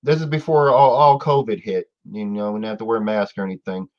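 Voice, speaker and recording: A man's voice: on the low side, fairly even intonation. Guy hosting a stream, rambly, keeps restarting, dull muffled sound. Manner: rambling, halting, many fillers and restarts. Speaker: host. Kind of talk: casual chat. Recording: dull lo-fi audio.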